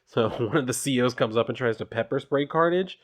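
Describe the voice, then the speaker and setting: A man talks through a comic issue in a loose, offhand way, full of casual fillers. His voice sits at a middle pitch. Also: brisk. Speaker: comic book reviewer.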